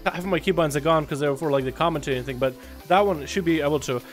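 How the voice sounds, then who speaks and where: A man's voice: on the high side, racing, faint music behind. A man streaming a game, chatting casually with viewers, greeting them by name, teasing and swearing. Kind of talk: casual livestream chat.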